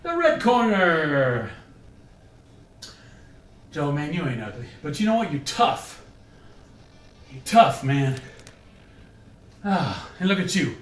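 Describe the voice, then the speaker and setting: A man's voice: a little high, big pitch swings, measured pace, pauses often, roomy sound, distant mic, slight background noise, low-quality recording. A man trash-talking an opponent while playing a VR boxing game, teasing and out of breath. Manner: teasing, chatty, exclaims a lot. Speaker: gaming video creator.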